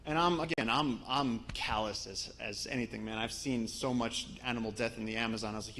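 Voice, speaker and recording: A man's voice: medium pitch, a little fast, vocal fry, few pauses, bright, forceful tone, slight background noise, poor audio. A man giving a storytelling talk to a live audience, sharing conversational anecdotes with frequent restarts. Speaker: guest speaker and author.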